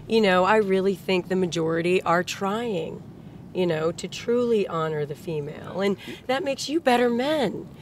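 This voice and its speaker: A woman's voice: medium pitch, normal speed, a little hiss or hum. A woman co-hosting a podcast, speaking earnestly and affirming what others say in casual chat.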